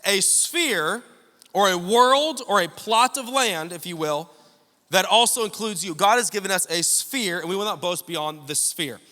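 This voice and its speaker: A male pastor delivers a sermon in a church hall, trading jokes with his congregation as he tells stories. His voice sits high and rings very bright and sharp. Long reverb trails each phrase through the room. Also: lively intonation, a little slow. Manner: joking, storytelling preacher addressing congregation.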